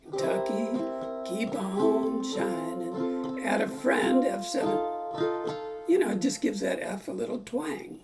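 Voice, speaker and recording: Slow-talking woman teaching ukulele chords. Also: mid-range voice, creaky, loud music behind the voice. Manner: chatty, sings along while calling out chords. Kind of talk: casual music lesson with singing.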